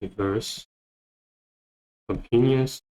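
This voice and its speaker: A man teaching English vocabulary, repeating each word and phrase slowly as he explains. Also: mid-range voice, mellow, poor audio. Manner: repeats words many times, thinking aloud. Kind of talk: slow, repetitive vocabulary lesson.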